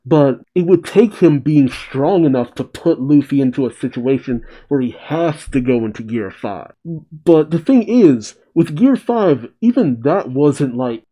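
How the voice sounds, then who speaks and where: Warm-voiced, chatty manga reaction host. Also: male voice, medium pitch, poor audio. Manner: excitable, chatty commentary. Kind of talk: reading a manga chapter aloud with reactions.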